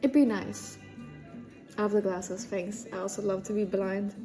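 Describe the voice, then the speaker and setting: A woman's voice: medium pitch, flat delivery, moderate pace, mellow, soft background music. A woman livestreaming, chatting casually and joking as she reads viewer comments, often breaking into laughter.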